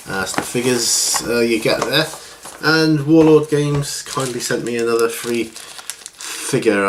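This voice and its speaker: Middle-aged man, lowish voice, casual rambling vlog host. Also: a little hiss or hum. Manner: rambling, relaxed, with many fillers and restarts. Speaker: hobby channel host. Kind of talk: casual chat.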